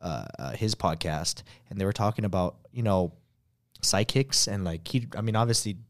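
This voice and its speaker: A man's voice: on the low side, animated, normal speed. A man hosting a podcast, telling stories in rambling casual chat full of "like" fillers. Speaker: podcast host.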